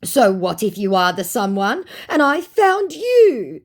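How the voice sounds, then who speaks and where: A woman voicing a dim, pushy male online romance scammer, reading his chat messages slowly and mockingly. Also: a little high, very animated, voice pushed up, exaggerated voice.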